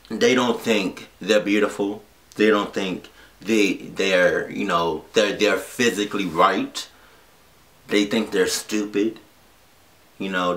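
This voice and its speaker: A man's voice: lowish voice, a bit bright. A man vlogging from the heart, earnest and emotional, restarting his phrases and swearing as he presses his point. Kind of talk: heartfelt reaction vlog talk.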